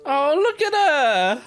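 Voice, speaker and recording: A woman hosts an anime reaction video, talking casually and emotionally with exclamations and swearing, while faint anime music plays behind her. Her voice sits high and has a fairly bright tone.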